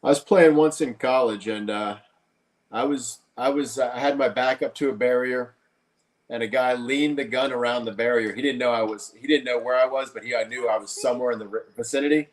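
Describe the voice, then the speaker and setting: A man's voice: medium pitch, fairly even intonation, fairly quick. Rambling man telling a story. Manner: rambling storyteller with many restarts. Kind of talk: casual chat.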